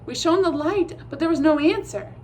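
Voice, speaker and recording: A woman's voice: very high voice, moderate pace, a little mellow, slight background noise, voice pushed up. A woman voicing a nervous, impulsive boy of about twelve who sputters when flustered.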